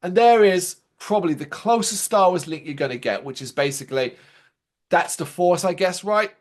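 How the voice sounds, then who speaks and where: A man co-hosting a podcast that reviews a show, talking in a casual, animated way. His voice sits high for a man. He is sarcastic and swears freely as he rants. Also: moderate pace. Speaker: podcast co-host.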